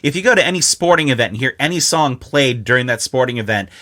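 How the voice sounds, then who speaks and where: Chatty man with a bright, lively voice. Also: medium pitch, quick pace. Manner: chatty, profane storyteller. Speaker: podcast co-host. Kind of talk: casual movie commentary chat.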